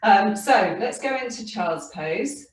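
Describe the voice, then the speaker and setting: A woman teaching a yoga class for children, gentle and encouraging, laughing now and then, recorded at home by a camera across the room. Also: mid-range voice, expressive, takes it slowly, distant mic. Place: home room with her dog and cat. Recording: very echoey room, voice from off-mic.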